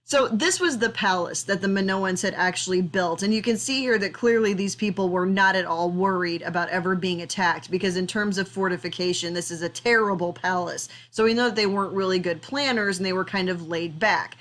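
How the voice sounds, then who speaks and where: A woman's voice: medium pitch, brisk, hardly any pauses, fairly bright tone. Woman lecturer, mid-range voice, casual explanatory delivery with fillers, art history class recording. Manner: conversational, explanatory, with frequent fillers.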